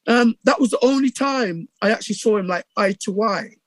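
A middle-aged man with a Bristol accent, telling stories in a casual interview with lively acted-out quotes and many restarts. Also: sits high, fairly quick, dry recording. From England. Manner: animated storyteller, acts out quotes, many restarts. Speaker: radio DJ guest.

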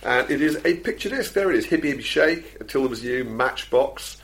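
Man, middle-aged, podcast chat, quick, animated pitch, rambling fillers. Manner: chatty, self-deprecating, full of fillers and restarts. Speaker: podcast co-host. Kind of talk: casual chat.

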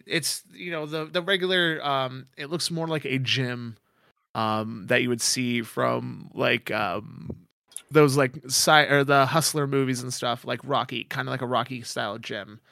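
Man, game master, tabletop narration, casual, halting, gravelly, bright. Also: mid-range voice, dry recording, clean studio sound. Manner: casual, searching for words, many ums.

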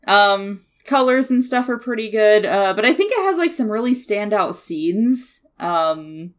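A woman's voice: mid-range voice, expressive, a little slow. A young woman co-hosting a podcast, chatting casually and thinking aloud with many fillers. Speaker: podcast co-host. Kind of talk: casual chat.

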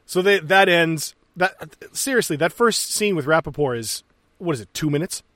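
Lively, laughing man co-hosting a podcast. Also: on the high side, normal speed, no echo. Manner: laughs often, swears casually, says "dude". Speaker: podcast co-host. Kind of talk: casual movie commentary chat.

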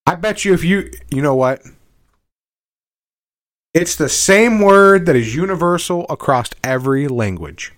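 A young man in casual argumentative banter, profane and animated, laughing often. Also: fairly high pitch, unhurried, pauses often.

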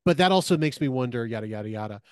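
A man's voice: medium pitch, lively intonation, very fast, clear, resonant tone, dry recording. Thoughtful man co-hosting, dry sound. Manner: thoughtful, many fillers and restarts. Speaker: podcast co-host. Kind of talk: casual discussion.

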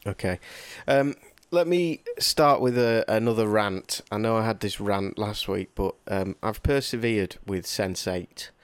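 A man's voice: fairly low pitch, unhurried, clean tone, no echo. Joking man co-hosting a podcast. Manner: rambling, jokey, self-deprecating. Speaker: podcast co-host. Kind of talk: casual chat.

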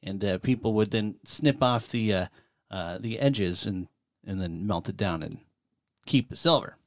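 A man putting on a nerdy voice as a fussy coin collector, halting with lots of uh's. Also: lowish voice, no room sound, clean studio sound. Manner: halting, stammering with many uh's.

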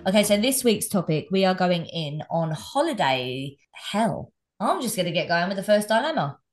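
Animated woman, lowish voice. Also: moderate pace. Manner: animated, swears, reads listener letters. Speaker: podcast co-host. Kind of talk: casual chat.

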